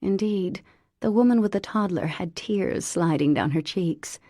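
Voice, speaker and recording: Slow gravelly woman narrator. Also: medium pitch, dry recording, studio quality. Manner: expressive, unhurried storytelling. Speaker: audiobook narrator. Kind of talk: scripted narration.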